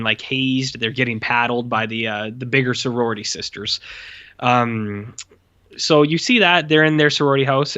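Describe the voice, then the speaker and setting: A man co-hosting a podcast recaps a movie in loose, rambling chat packed with fillers. His mid-range voice has a sharp tone, and the audio sounds dull.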